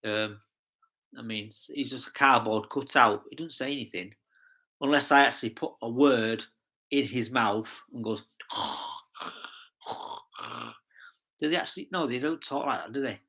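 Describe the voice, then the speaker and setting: A man's voice: mid-range voice, normal speed, pushed and bright. An English man chatting casually on a live stream, rambling cheerfully and talking to his viewers in the chat. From England. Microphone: streaming setup mic.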